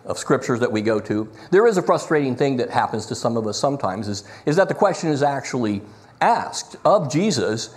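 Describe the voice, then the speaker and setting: A man teaching a church Bible class, talky and lively, joking and wandering off his notes. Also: mid-range voice, brisk. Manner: lively, talky, jokes and goes off script.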